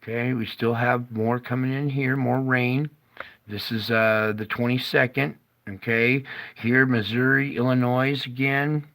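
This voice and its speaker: Slow, gravelly-voiced man. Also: mid-range voice, steady tone, fairly bright tone. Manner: slow, stop-start talk, praying aloud and muttering when things go wrong. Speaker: livestream weather presenter. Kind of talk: casual live-stream weather commentary.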